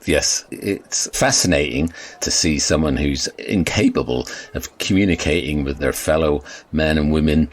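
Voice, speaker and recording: A man's voice: a bass voice, normal speed, few pauses. A man playing a polite, bemused radio reporter in a comedy audio sketch. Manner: polite, bemused, stiffly formal.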